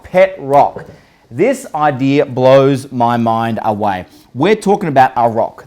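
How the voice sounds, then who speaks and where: An upbeat man hosts a live show and runs through a countdown with plenty of banter. He keeps tossing questions at his audience and teasing a co-host. His pitch sits right in the ordinary middle for a man. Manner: energetic, jokey countdown, rhetorical questions, occasional swearing. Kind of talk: live online show, casual chat.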